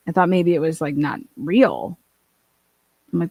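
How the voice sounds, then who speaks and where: A woman's voice: lowish voice, moderate pace, long pauses, no echo. A woman hosting a casual livestream, chatting and reading out viewer comments, swearing and laughing often. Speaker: livestream host reading chat.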